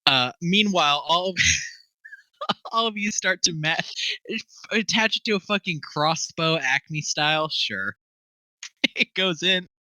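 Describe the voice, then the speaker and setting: Bright-voiced young man running a game. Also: fairly high pitch, animated, takes it slowly, pauses often, no echo. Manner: laughing often, loose and profane. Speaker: game master. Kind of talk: narrating a tabletop game over voice chat.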